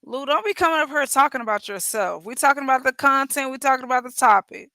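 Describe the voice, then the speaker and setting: A woman's voice: high-pitched, animated, fast, pushed and bright, dry recording. A woman hosting a casual livestream, talking bluntly and jokingly with her chat, teasing and swearing freely. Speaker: livestream host.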